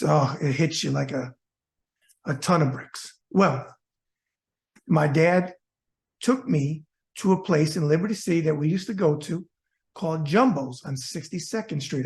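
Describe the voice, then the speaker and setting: A man with a fairly high, creaky voice, a former boxer from South Florida, hosts his own show. Speaking straight to his viewers, he tells a personal story in a folksy, heartfelt way.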